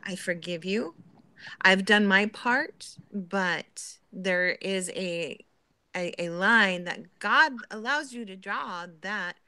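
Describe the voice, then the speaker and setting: Earnest woman with a bright, dry voice. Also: mid-range voice, takes it slowly, smooth, no echo. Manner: earnest, faith-centred, gently preachy. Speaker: guest in a live chat. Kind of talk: casual chat.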